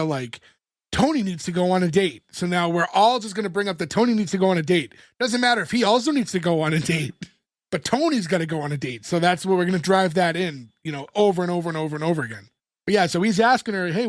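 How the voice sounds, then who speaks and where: A man with a fairly high voice and a casual, lively way of talking, recapping a television episode for his co-hosts. He acts out the characters' lines as he goes, and the sound is dry and close to the mic. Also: dry recording. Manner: animated retelling, acting out dialogue. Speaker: podcast co-host recapping a sitcom episode. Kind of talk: casual chat.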